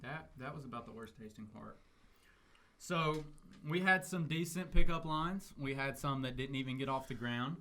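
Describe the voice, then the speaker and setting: A man's voice: medium pitch, moderate pace, bright, forceful tone. A man hosting a casual podcast chat, joking and laughing often. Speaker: podcast host.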